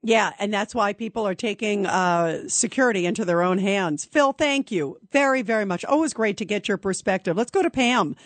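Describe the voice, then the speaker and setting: A woman's voice: mid-range voice, expressive, moderate pace, few pauses, no room sound. A woman hosting a call-in radio talk show, chatting with callers and asking their views. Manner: conversational, asks callers questions.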